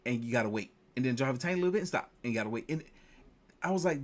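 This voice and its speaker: A man telling a casual story, lively, jumping higher when he quotes people. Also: racing. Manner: animated, jumps up in pitch when quoting others.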